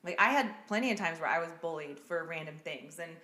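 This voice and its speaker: A woman's voice: low voice, animated, fast, bright, forceful tone. A woman hosting a podcast, telling a true-crime case in a casual, blunt way and swearing freely. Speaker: podcast host. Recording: echoey room.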